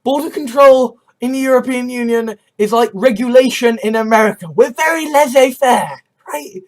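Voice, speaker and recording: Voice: medium pitch, moderate pace. An English-accented speaker holds forth in a fiery monologue. The delivery is blunt and full of swearing. Short tag questions like "right?" and "you know?" keep coming up. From England. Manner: heated and profane, often asks "right?" or "you know?". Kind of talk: impassioned spoken rant.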